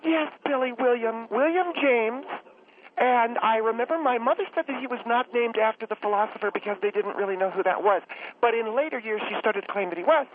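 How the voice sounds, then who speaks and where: A man's voice: extremely high pitch, brisk, voice pushed up. A flustered, effusive woman calling in to a radio show, rambling and easily choked up, played by a man. She comes through a tinny, narrow phone line. A faint hiss sits under her voice. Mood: chatty rambling. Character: gushing middle-aged woman caller, flustered and chatty. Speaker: caller.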